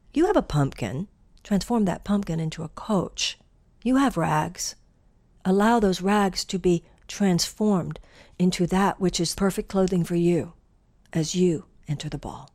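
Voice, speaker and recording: Woman, inspirational talk, earnest, animated storytelling, mid-range voice. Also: mid-range voice. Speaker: spiritual teacher.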